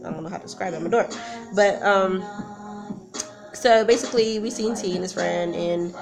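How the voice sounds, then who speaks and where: A woman's voice: medium pitch, normal speed, gravelly. A woman telling a personal story in a casual vlog, rambling, nervous and emotional, often breaking off mid-sentence. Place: at home with a song playing. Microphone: camera mic. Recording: music playing loudly in background.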